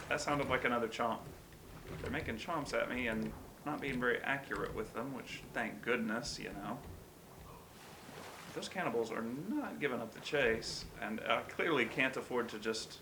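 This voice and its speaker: A man's voice: medium pitch, normal speed, noisy background. Man narrating a game, wry and jumpy. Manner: wry, self-deprecating musing with sudden startled yelps. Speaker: let's-play host. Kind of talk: gameplay commentary.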